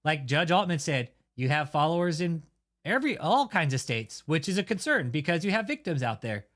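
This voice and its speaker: A man's voice: a little high, very animated, a little fast, fairly bright tone. A man hosting his own channel, delivering a heated, heavily profane and blunt rant of commentary. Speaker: channel host. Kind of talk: angry ranting commentary.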